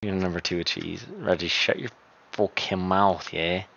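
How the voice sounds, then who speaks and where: A man's voice: low voice, fairly even intonation, moderate pace, vocal fry, fairly bright tone, lo-fi sound. A young man live-streaming from his desk at home, chatting casually and profanely into a desk microphone and rattling off thanks to viewers by name.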